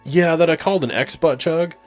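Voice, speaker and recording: A man's voice: fairly high pitch, brisk, faint music behind. A man telling a long, rambling personal story in casual chat, with lots of fillers and laughs at himself. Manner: rambling, filler-heavy, laughing at own stories. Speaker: gameplay co-host.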